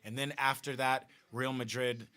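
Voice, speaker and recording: A man's voice: medium pitch, level tone, moderate pace, pushed and bright. A man hosting a live football watch party, chatting casually and reading out viewer comments. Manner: chatty, restarts, reads viewer comments aloud.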